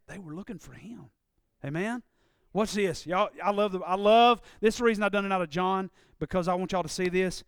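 A man preaching a sermon in a church, moving from quiet, confiding talk up to loud, shouted preaching. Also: sits high, fairly quick, hardly any pauses, clean tone, dry recording, clean studio sound. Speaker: pastor. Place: church sanctuary.

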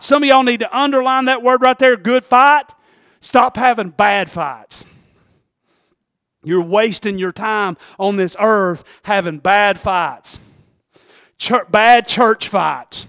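A male pastor preaching a sermon in a repetitive, conversational way, swinging between loud exclamations and hushed, low asides. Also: dry recording, clean studio sound.

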